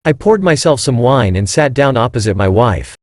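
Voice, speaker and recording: Man, story narration, lively pitch, dry close sound. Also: moderate pace, dry recording.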